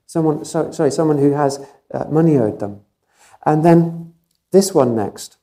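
Male preacher, mellow and relaxed tone, emphatic storyteller. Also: a little high, a little slow. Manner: emphatic, vivid storytelling with repeated phrases. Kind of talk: sermon.

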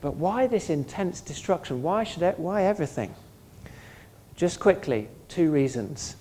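Preacher, sermon, earnest, conversational, asks the room questions, mid-pitched voice. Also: animated, measured pace, dark tone, slight background noise. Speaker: pastor.

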